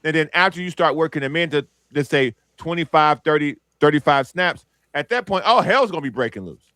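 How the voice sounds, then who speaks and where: A man argues on a sports talk podcast with a lively, swooping voice that climbs when he gets excited. He fires off rhetorical questions and answers them himself, recorded close and dry. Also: fairly high pitch, fairly quick, dry recording. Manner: animated, rhetorical questions, hype. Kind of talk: casual sports debate.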